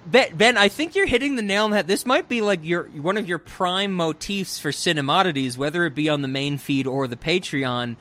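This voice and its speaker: Lively, laughing man hosting a podcast. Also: on the high side, fairly quick, few pauses. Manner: animated, laughs often, swears freely. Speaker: podcast host. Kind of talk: casual movie podcast chat.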